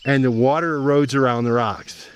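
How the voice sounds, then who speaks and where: A man's voice: medium pitch, fairly even intonation, moderate pace, a little hiss or hum. Easygoing man vlogging on a mountain trail. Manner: easygoing, chatty, enthusiastic about the sights. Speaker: travel vlog host. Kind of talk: casual walking narration to camera.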